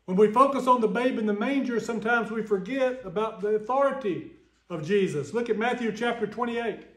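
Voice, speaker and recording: A Southern American man preaching a Sunday sermon in a high, light voice. He talks in an earnest, folksy way and reads scripture aloud. His voice rings around a reverberant church room. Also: a little fast, a bit bright.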